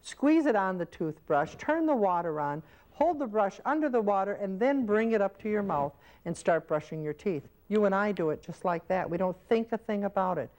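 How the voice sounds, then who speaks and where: A woman's voice: mid-range voice, expressive, normal speed, few pauses, a little mellow. A woman teaching caregivers in an instructional training video, explaining patiently and acting out short example scenes. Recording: old VHS training tape.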